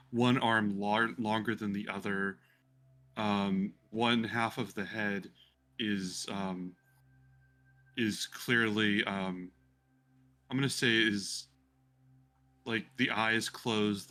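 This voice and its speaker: A man narrating as game master for a tabletop game, hesitant with many pauses. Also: on the low side, level tone, bright, forceful tone. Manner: hesitant, many ums, descriptive.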